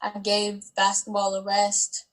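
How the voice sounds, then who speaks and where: A woman's voice: medium pitch, completely flat delivery, unhurried, low-quality recording. A woman in her twenties sits as a guest in an interview and recounts her story in an easy, conversational way. She fills her sentences with likes and ums as she talks. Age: 20s. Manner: chatty, with many likes and ums.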